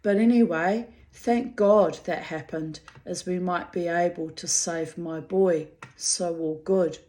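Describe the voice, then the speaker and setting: A woman's voice: fairly low pitch, fairly even intonation, takes it slowly, warm tone. A woman with a New Zealand accent, reading out messages and adding blunt, bitter, profane commentary. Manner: bitter, blunt, swears freely. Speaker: pet owner recounting a dispute.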